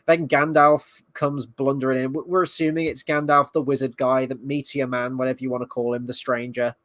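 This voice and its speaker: A man's voice: medium pitch, flat delivery, a little fast, a bit bright, no room sound, studio quality. A man giving a casual spoken review of a TV episode, rambling and sarcastic, swearing now and then. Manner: rambling, sarcastic, swears, mocks scenes in quoted voices. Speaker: video reviewer.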